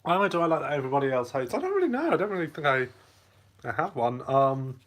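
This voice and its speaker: A man's voice: medium pitch, fast talker, a bit bright. A man hosting a casual live Q&A, reading chat aloud and rambling between bites of lunch. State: eating lunch while talking. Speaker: channel host.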